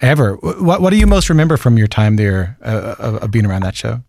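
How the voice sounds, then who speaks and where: A man hosts an interview, asking quick questions that stumble and repeat words as he goes. His voice is recorded close and dry. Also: medium pitch, vocal fry, darkish tone, dry recording.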